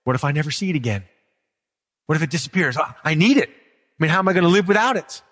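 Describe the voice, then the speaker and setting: A man's voice: a little high, expressive, quick pace, a bit bright, long reverb tail. A man voicing a greedy, fearful man who hoards his seed, sounding anxious and whiny.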